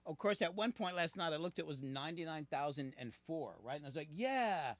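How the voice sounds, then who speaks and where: A man's voice: on the high side, fast talker, dry recording. A man, a music producer and host, talking casually in a recording studio, thinking aloud as he works and swearing offhandedly.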